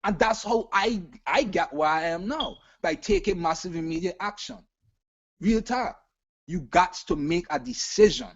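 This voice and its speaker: A man's voice: high voice, animated, normal speed, no echo, lo-fi sound. A man with a Caribbean island accent, speaking emphatically and repeating himself as a business panelist giving a motivational talk. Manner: emphatic, repetitive, preachy.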